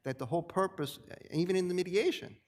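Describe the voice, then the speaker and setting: Judge pressing counsel in an echoing courtroom. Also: male voice, high voice, darkish tone. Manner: probing, pressing, halting restarts. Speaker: appellate judge. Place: appellate courtroom. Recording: reverberant courtroom sound.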